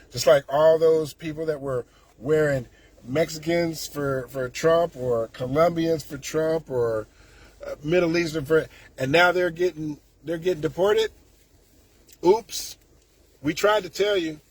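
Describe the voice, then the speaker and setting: Indignant husky man ranting. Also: on the high side. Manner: indignant, sarcastic, emphatic with frequent restarts. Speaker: political commentator. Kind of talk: casual political rant.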